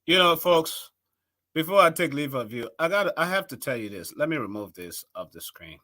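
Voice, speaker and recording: Liberian man, talk show host, impassioned, bright edgy voice, fairly high. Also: lively intonation, fairly quick. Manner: impassioned, preachy appeals to viewers. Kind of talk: live political commentary.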